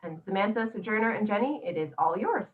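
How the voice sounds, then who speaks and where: A woman's voice: medium pitch, expressive, quick pace. A woman hosting a webinar, going through housekeeping notes in an orderly, procedural way. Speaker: webinar host. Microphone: video call. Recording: tinny distant video call audio.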